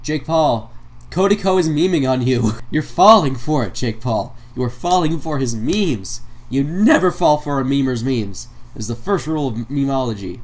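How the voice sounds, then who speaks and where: A man's voice: medium pitch, animated, moderate pace. A man giving comedic reaction commentary on a video, sarcastic and mock-exasperated, laughing between lines. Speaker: commentary YouTuber.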